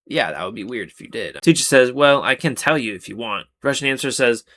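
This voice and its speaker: A man's voice: medium pitch, animated, brisk, a bit bright. A man reading out Reddit posts and breaking in with sarcastic, exasperated commentary in a casual chat style. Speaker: Reddit story narrator.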